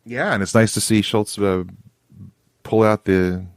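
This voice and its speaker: A man with a notably deep voice co-hosts a casual podcast chat. He talks with eager enthusiasm and keeps restarting his sentences. The sound is dry and close to the mic. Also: steady tone, measured pace, clear, resonant tone, no echo. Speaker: podcast co-host.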